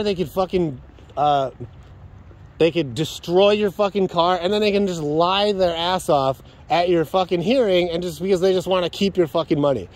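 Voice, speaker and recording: A young man with a high, raised voice, ranting furiously about the way he was treated. He swears constantly and strings his complaints together in long, breathless run-ons, his anger never letting up. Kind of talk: angry venting rant.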